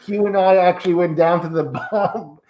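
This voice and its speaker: A man's voice: sits high, moderate pace, muffled recording, natural voice. A man playing a rambling, self-important actor who claims to be Shrek, his fake accent slipping between Scottish and Australian, heard over an echoey video call. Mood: boastful.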